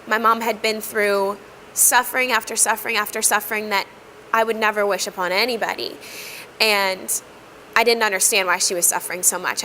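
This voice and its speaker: Bright-voiced woman telling a heartfelt story. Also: mid-range voice, slight background noise, rough recording. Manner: earnest, reflective, with frequent pauses and "um". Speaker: guest sharing personal testimony.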